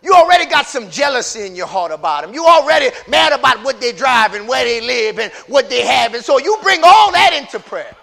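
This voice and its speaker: A man preaching a passionate sermon, dropping to a hush and rising to shouts as he talks straight to his congregation with folksy asides. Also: very high voice, big pitch swings, brisk, gravelly, few pauses. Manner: impassioned preaching, swinging from hushed to shouted. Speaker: pastor.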